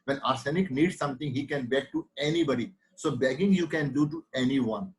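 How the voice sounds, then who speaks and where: A man's voice: medium pitch, low-quality recording. A middle-aged man with an Indian English accent, teaching a homeopathy lecture with emphatic repetition. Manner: emphatic, repeats key words, acts out patient quotes.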